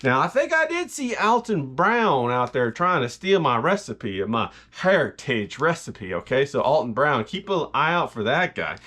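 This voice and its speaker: A man's voice: medium pitch, very animated, normal speed, hardly any pauses, bright, forceful tone. A man hosting a jokey cooking video in his home kitchen, boasting and hyping up his viewers. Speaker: home cook, vlog host. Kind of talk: comedic cooking vlog.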